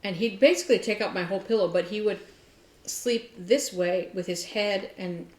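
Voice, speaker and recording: A woman co-hosts a relaxed craft podcast and tells stories with lively animation. Her voice sits mid-range and carries a roomy echo with a faint hiss behind it. She sounds chatty and expressive. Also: mid-range voice, normal speed. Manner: animated storytelling, mimics her cat. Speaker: podcast co-host. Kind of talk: casual chat. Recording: echoey room.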